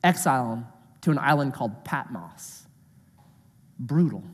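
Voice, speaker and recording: A man in his thirties, a pastor, preaching a conversational sermon, telling stories in an animated way and reading scripture slowly for drama. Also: mid-range voice, slightly rough. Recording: echoey hall with long reverb.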